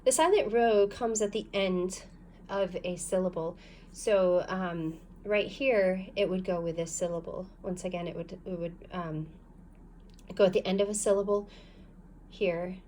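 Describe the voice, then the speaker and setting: A woman's voice: fairly low pitch, steady tone, a little slow, mellow, slight background noise. Patient woman teaching a phonics lesson. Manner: patient, step-by-step instructing. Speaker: language teacher.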